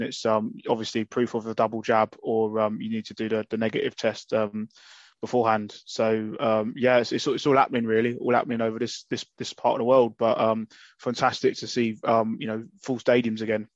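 A man's voice: mid-range voice, no room sound. A man, co-hosting a casual football podcast and chatting cheerfully with lots of ums. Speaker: podcast co-host. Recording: dull, lo-fi dry call audio.

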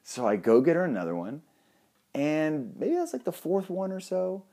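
A young man telling a funny personal story in a casual, animated way, cracking jokes and swearing now and then. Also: on the high side, moderate pace.

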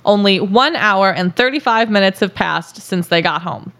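Woman podcast host, casual chatty storyteller, laughs a lot, mid-pitched. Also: lively intonation, moderate pace, fairly bright tone. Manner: chatty, laughs often, frequent filler words.

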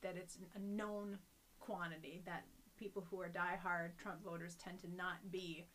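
A woman's voice: lowish voice, level tone, unhurried, a bit bright, slight background noise. A woman co-hosting a podcast, chatting casually and laying out an argument articulately. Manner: articulate, argues a point at length. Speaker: podcast co-host. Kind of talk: casual chat.

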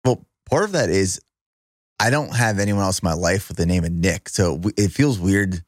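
Man podcast host, low-pitched voice, dry sound, upbeat teasing. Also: normal speed, dry recording. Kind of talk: casual podcast interview.

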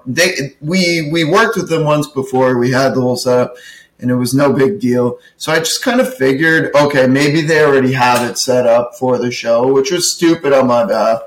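A man's voice: mid-range voice, moderate pace. Profane man telling a story in an echoey room. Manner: profane, animated storytelling with acted-out dialogue. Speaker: podcast co-host, comedy show producer. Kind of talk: casual storytelling rant.

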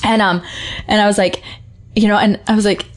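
A woman's voice: mid-range voice, level tone, fairly quick. A woman guest on a podcast, telling a story in a rambling way with lots of fillers. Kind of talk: casual chat.

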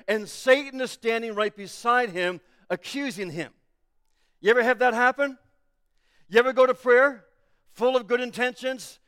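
A male pastor preaching a sermon, building to emphatic, forceful bursts. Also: high-pitched, clean tone.

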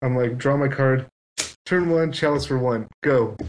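A man's voice: medium pitch, measured pace, poor audio. A man on a podcast telling a long story in casual chat, acting out both sides of it. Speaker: guest.

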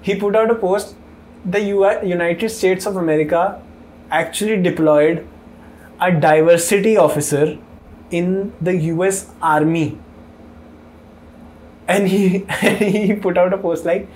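Young man, high voice, animated, laughs a lot, casual podcast chat. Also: unhurried, pauses often, a little hiss or hum. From India. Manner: animated, laughs often, swears freely, acts out quotes.

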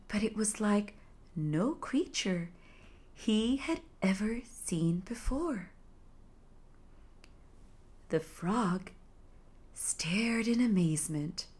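A woman narrating a folktale as a soothing bedtime story, soft and hushed, at times slipping into a whisper. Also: mid-range voice, animated, extremely slow, long pauses, breathy edge.

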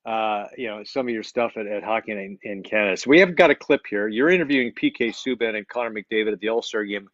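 A man hosting an interview, asking questions haltingly with lots of fillers. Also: on the low side, a bit bright, no room sound, lo-fi sound. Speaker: podcast host. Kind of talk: casual interview.

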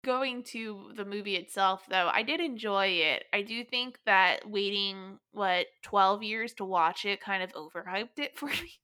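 A woman co-hosts a casual podcast with a bright, clear voice. She talks in an animated, giggly way, swears casually and leans on "like" between thoughts. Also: mid-range voice, unhurried, few pauses, dry recording, studio quality. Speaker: podcast co-host. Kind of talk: casual chat.

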